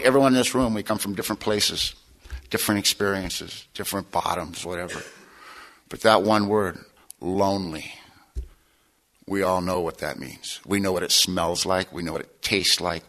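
Male testimony speaker, lowish, bright and forceful, intense storyteller. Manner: storytelling, intense, drops to quiet emphasis. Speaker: recovery meeting speaker. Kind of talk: personal testimony talk.

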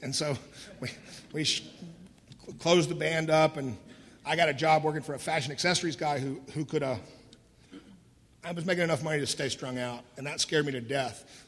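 A middle-aged man candidly telling his own recovery story, wry and laughing through the dark parts. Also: fairly high pitch. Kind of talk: personal storytelling talk. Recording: voice in a hall with long reverb.

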